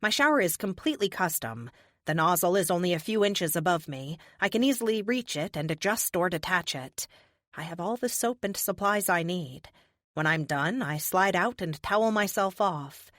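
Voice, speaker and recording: Expressive woman audiobook narrator, lowish voice, close and dry studio mic. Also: normal speed, dry recording. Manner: expressive, conversational first-person reading. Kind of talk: first-person audiobook narration.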